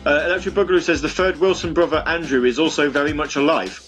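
A man's voice: on the high side, steady tone, fast, a bit bright, faint music behind. A young man hosting a casual online radio show from home, chatting with listeners in a rambling, self-mocking way full of fillers and restarts. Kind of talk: casual chat with listeners between songs. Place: home room.

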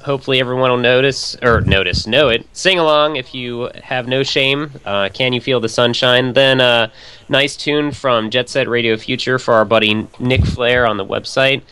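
A man with a bright, clean, crisp voice talks as a podcast guest. The sound is close and dry, and his delivery is relaxed and a little rambling. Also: medium pitch, moderate pace, dry recording. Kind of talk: casual podcast chat.

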